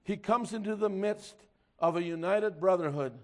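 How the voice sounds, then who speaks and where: High-voiced fervent male preacher. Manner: fervent preaching, rising loud and slow on emphasis, dropping quiet for scripture; old-fashioned scripture reading. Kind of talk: sermon.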